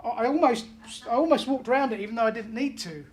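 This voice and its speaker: A woman's voice: a little high, quick pace, darkish tone. A woman giving a spiritual medium reading, chatty and relaying messages, often checking in with her listener.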